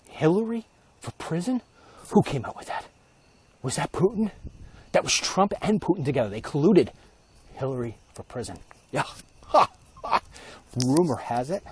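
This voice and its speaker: A man's voice: a little high, background noise. A man hosting a comedic, rambling and sarcastic monologue while walking outdoors at night. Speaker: host. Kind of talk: comedic walk-and-talk monologue.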